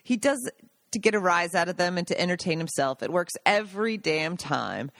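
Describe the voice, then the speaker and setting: A woman with a lowish, fairly bright voice and lively intonation reads from her own memoir at a moderate pace in a dry recording. Now and then she breaks off for emotional personal asides, laughing at some points and getting choked up at others.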